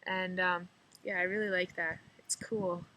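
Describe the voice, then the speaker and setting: A woman's voice: lowish voice, level tone, a little slow, heavy background noise. A teenage girl with a slight rural drawl, chatting casually to her camera in a rambling, giggly way, full of "like". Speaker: vlogger.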